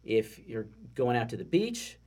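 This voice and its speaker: Husky Southern-accented man explaining. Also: mid-range voice, sing-song, measured pace, darkish tone. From Texas. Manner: explanatory, stacks restarts when thinking. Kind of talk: casual podcast chat.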